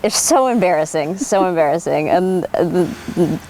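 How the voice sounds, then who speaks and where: A woman from Oregon interviewed for an oral history, telling lively stories with many fillers and frequent laughs. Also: lowish voice, normal speed, a little hiss or hum. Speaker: winery worker being interviewed.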